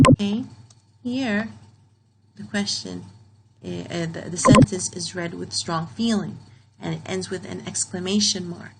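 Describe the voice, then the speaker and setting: Woman as a children's grammar teacher; patient, deliberate, repeats each example, faint noise behind. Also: on the low side, fairly even intonation, vocal fry.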